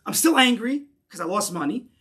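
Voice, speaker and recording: A man's voice: high-pitched, lively intonation, brisk, sharp tone. A man teaching a Torah class in English mixed with Hebrew terms, emphatic and repeating key phrases as he builds to a point.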